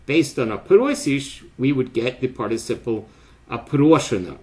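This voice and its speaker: An older man giving an academic lecture, speaking deliberately with frequent pauses and fillers. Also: mid-range voice, sing-song, darkish tone.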